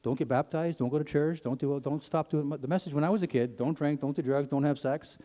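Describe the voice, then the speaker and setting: A middle-aged man shares his faith testimony in a mellow, darker voice. He tells it earnestly, rising in pitch as the story grows intense. The sound carries a long reverb, as in a large hall. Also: brisk. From Ontario, Canada. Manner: earnest storytelling, voice climbing when he grows excited. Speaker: speaker sharing his testimony. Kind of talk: personal faith testimony to an audience.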